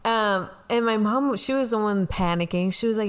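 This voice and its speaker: A woman's voice: mid-range voice, a little fast, few pauses, smooth. A young woman co-hosting a talk show, telling a personal story in a rambling, casual way, full of "like" and "you know.". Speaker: podcast co-host, pastor's kid. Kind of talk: casual confessional chat.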